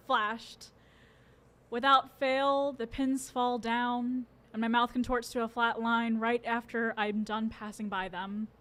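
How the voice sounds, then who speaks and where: Woman, higher voice, spoken word poet, casual then paced rhythmic reading, live venue. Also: pushed and bright. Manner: conversational intro, then paced poetic reading. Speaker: open mic poet.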